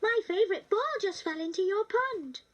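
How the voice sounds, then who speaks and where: A woman's voice: very high-pitched, lively intonation, normal speed, a bit bright, recorded from a distance, muffled recording, voice pushed up. A woman voicing a lonely little city girl with a British accent, eager and pleading.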